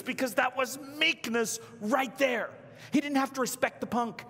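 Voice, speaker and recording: A man's voice: very high voice, a little fast, bright, forceful tone. A man preaching a storytelling sermon, acting out the voices of the people in his story. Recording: reverberant church hall.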